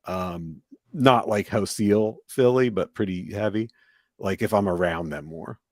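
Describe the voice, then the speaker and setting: An American man hosts a podcast in a casual, rambling chat, full of fillers and restarts. His voice sits on the low side, a little mellow and unhurried, recorded dry with clean studio sound.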